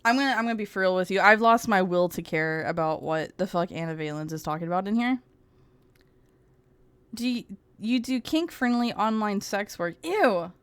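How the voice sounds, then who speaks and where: A woman's voice: medium pitch, animated, normal speed, clear, resonant tone, dry recording. A woman streamer in casual, sarcastic livestream commentary, rambling and giggling often.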